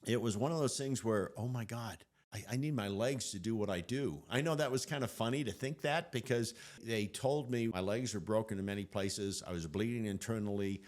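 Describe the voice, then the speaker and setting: Older man telling a story, animated. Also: lowish voice, fairly quick. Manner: animated, laughs often, acts out what people said. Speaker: guest. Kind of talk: personal storytelling in an interview.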